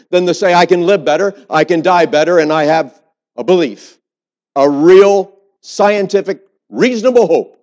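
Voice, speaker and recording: A man's voice: sits high, darkish tone. A man preaching a sermon in a church as a theology professor, emphatic, with dry humorous asides. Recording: muffled lo-fi sermon recording.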